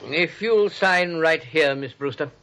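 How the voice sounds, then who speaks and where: An actor playing a polite, fussy asylum superintendent who speaks courteously and officiously in a vintage radio play. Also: male voice, on the high side, animated, a little slow, fairly bright tone. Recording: muffled vintage radio with faint noise.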